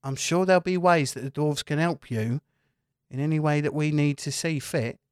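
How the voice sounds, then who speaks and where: A man narrating as game master of a tabletop role-playing game, relaxed and jokey. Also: fairly high pitch, moderate pace, clean tone, no room sound, clean studio sound.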